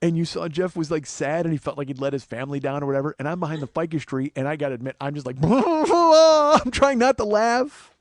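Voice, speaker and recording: A man in his forties telling a profane comic story on his own show, animated and acting out every quote. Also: fairly high pitch, rapid-fire, few pauses, no room sound, clean studio sound. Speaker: comedian host.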